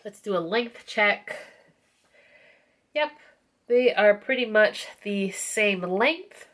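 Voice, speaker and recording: A woman's voice: mid-range voice, expressive, slow. A woman reviewing a product in a casual vlog, chatty and full of fillers, sounding nasal and congested. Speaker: beauty vlogger.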